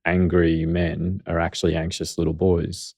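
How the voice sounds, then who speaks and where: A man's voice: low voice, monotone, moderate pace, vocal fry, darkish tone. A middle-aged man with an Australian accent, a pediatrician guest on a podcast, explaining in an earnest, conversational way. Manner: earnest, explanatory, filler-heavy.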